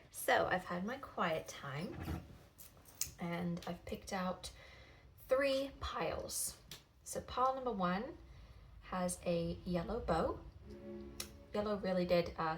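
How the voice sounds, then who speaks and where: Slow hesitant woman doing a tarot reading, lowish voice, hiccups, soft classical music behind. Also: lively intonation, slight background noise. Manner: hesitant, frequent ums. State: has the hiccups. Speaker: tarot reader.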